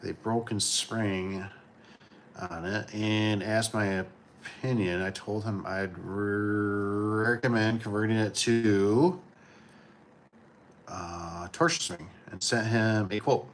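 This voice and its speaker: A man's voice: fairly low pitch, takes it slowly, a little hiss or hum. Laid-back man chatting on a livestream. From Michigan. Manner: laid-back, rambling, chuckles often. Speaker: livestream host. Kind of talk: casual livestream chat.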